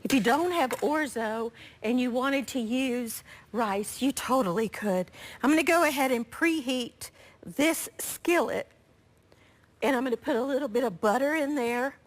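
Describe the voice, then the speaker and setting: Woman, raspy from allergies, somewhat high voice, chatty homey cooking host. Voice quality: chatty, homey, talks to viewers directly. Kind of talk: live cooking demonstration.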